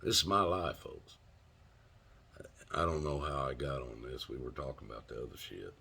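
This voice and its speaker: A man's voice: rumbling low, normal speed, gravelly, sharp tone, breathy edge. A man with a Southern US accent telling a rambling personal story, chuckling and swearing as he goes. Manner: rambling, laughs mid-sentence, swears freely. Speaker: storyteller host. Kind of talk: casual storytelling monologue.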